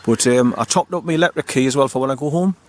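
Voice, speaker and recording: An older man from North East England films a walking vlog outdoors beside a river in a small town. His voice sits at medium pitch and moves fast as he chats casually, rambling a bit and correcting himself along the way.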